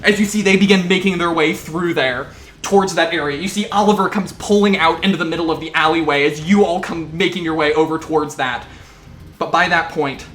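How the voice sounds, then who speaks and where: Brief: lively man game master with a slightly higher voice, echoey room, faint music. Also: brisk. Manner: lively, descriptive narration. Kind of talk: narrating a tabletop game. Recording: roomy echo.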